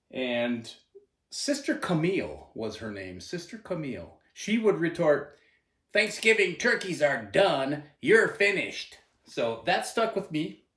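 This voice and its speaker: A man's voice: mid-range voice, echoey room. A man in his thirties, hosting his own channel, talking casually to the camera while he works inside an unfinished cabin. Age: 30s. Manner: relaxed, chatty, explains steps plainly. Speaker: host of a cabin-building channel.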